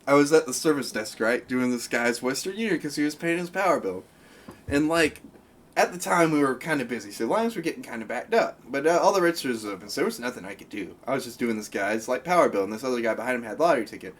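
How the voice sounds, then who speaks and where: A man's voice: mid-range voice, expressive, fast. A young man co-hosting a casual podcast, telling a rambling work story full of fillers and restarts and laughing often. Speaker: podcast co-host; grocery store worker telling a work story. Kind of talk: casual chat.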